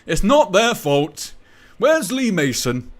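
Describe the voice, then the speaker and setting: High voiced guy on a fan stream, slow and sarcastic, mocking excuses. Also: sing-song. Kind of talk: live stream chat.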